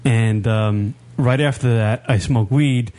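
A man's voice: mid-range voice, slow pace, warm tone. A man in his thirties hosting an internet radio show, telling a long rambling story in casual studio banter. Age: 30s. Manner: rambling storyteller, frequent restarts.

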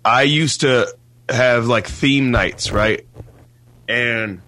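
A man hosting a radio show, talking loudly and emphatically in casual, profane chat. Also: medium pitch, drawn-out words, no echo. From Toledo, Ohio area. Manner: loud, emphatic, swears constantly.

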